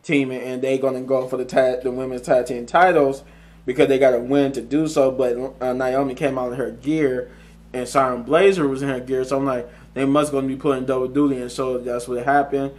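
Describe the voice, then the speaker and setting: A man talking through a show recap in a loose, rambling way, often restarting and correcting himself mid-sentence. His pitch sits in an ordinary middle range but barely moves, giving the recap a flat, even tone. He chuckles now and then as he goes. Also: a little fast. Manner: chuckles often while recounting. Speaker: wrestling show reviewer. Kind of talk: casual solo review recap.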